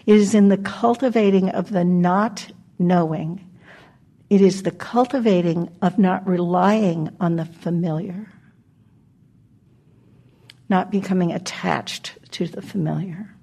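An older woman gives a dharma talk in a low, gravelly voice with a husky edge. Her tone is mellow and dark. She speaks gently and reflectively, leaving pauses and laughing softly. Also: fairly even intonation. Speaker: meditation teacher. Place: meditation hall.

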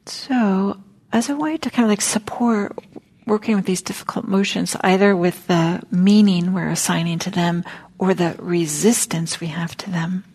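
A woman gives a meditation talk in a soft, unhurried way, often sinking to a near whisper. Her fairly low voice has a gravelly, husky edge. She muses aloud with casual fillers. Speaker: meditation teacher. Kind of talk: dharma talk. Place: meditation hall.

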